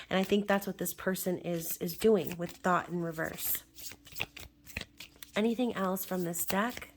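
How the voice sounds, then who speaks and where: A hoarse woman, still recovering her voice, chatting through a casual tarot reading with wry asides. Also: fairly low pitch, a little hiss or hum. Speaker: tarot reader.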